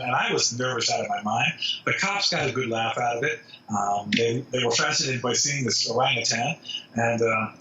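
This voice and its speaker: A man's voice: mid-range voice, normal speed. A man, a zoo spokesman, telling a story as a podcast guest and acting out the quoted lines. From New York. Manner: animated anecdote-teller who acts out quotes. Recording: dull, distant, roomy remote audio with faint hiss.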